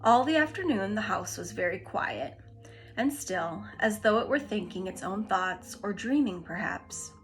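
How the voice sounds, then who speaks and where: A woman reading a classic children's book aloud, gently and expressively. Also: mid-range voice, animated, measured pace, faint music behind. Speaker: storybook reader.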